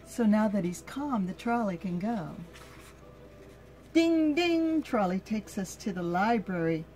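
Reading a picture book aloud to her grandchild, an older woman goes slowly and gently, pausing to ask the child questions. Her voice sits in the mid range.

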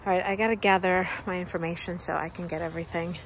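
A woman making a walking travel vlog outdoors in the cold, gushing and exclaiming with excitement, a little out of breath. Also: fairly low pitch, fast talker, a little hiss or hum. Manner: gushing, exclaims often, laughs. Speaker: travel vlogger. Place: outdoors in cold weather, on a street.

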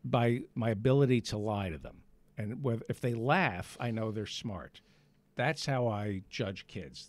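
Lower-voiced middle-aged wisecracking man. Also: no room sound. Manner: crude wisecracking, teasing. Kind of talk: casual comedic chat.

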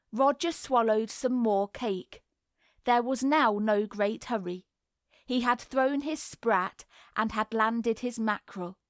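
Woman reading a novel out loud, slow and even, highish voice, dry sound. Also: dry recording. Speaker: audiobook reader. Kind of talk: scripted narration.

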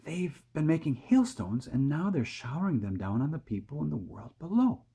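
A man voicing James, an eager young boy who talks excitedly and with urgency. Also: medium pitch, moderate pace, slightly rough, pitched above the performer's own voice. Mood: excited hush.

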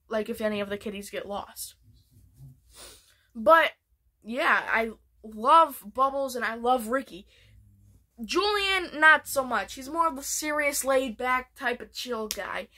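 A woman vlogger chatting about her favorite shows in an excitable, rambling way. Her voice is bright and a little high, with lots of fillers and restarts. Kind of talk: casual show ranking.

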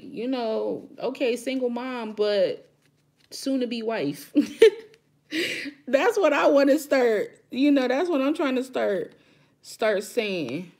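A woman hosting a live chat with her viewers, talking frankly and emphatically straight to them. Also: a little high.

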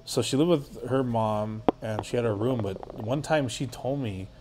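A man's voice: mid-range voice, normal speed, background noise. A man guesting on a podcast, telling a story in a rambling, casual way full of filler words and swearing.

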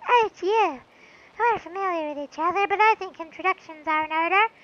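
A smug male villain boss, as a woman puts him on, pushed into a very high, bright, girlish squeak. The lo-fi, dull recording takes the edge off the sound. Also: brisk. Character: male villain gang leader voiced girlish.

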